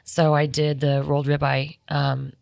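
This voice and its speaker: A woman guest on a podcast in a studio, telling lively stories about competition cooking. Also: deep voice, measured pace, vocal fry, no room sound. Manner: lively anecdotal storytelling. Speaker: barbecue competition cook, guest. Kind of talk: casual storytelling in conversation.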